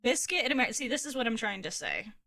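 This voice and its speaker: Woman streamer from Ohio, casual gaming chat, giggly and foul-mouthed, a touch high-voiced. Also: very animated, fast talker, pushed and bright. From Ohio, USA. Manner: giggly, chatty, swears casually.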